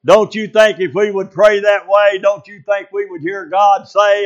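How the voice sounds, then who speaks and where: A man's voice: high voice, level tone, unhurried, muffled recording. A man preaching a sermon, fervent and full of "uh" fillers, calling out to his congregation. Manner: fervent, with frequent "uh" fillers and call-outs to the congregation.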